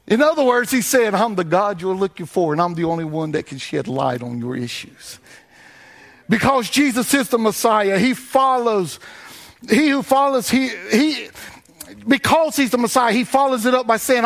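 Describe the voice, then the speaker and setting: High-voiced preacher in sing-song cadence. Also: male voice, expressive, measured pace. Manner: sing-song preaching cadence, swelling loud then dropping low. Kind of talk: sermon.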